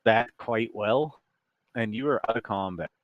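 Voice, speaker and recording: Lowish guy dm, dry close sound, cracks crude jokes at his players. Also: a little slow, no echo, phone-quality sound. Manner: joking, crude teasing. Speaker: dungeon master. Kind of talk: running a tabletop game over voice chat.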